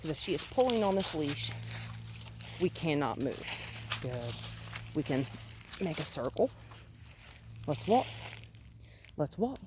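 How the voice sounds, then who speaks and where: A woman with a low voice coaches a dog on a walk, explaining her technique as she goes. She talks in a calm, coaxing way, dropping in quick praise between points. Steady outdoor noise sits behind her voice. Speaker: dog trainer. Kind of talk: instructional walk-along narration. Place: outdoors on a residential road.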